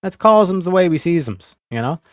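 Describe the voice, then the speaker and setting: A man talks to his stream chat in a loose, rambling way, full of "like" and the odd curse. His voice sits a bit high for a man. The sound is close and dry, with no room around it. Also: animated, fairly quick, no room sound. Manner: rambling, chatty, swears freely, lots of "like". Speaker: livestream host. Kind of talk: casual livestream chat.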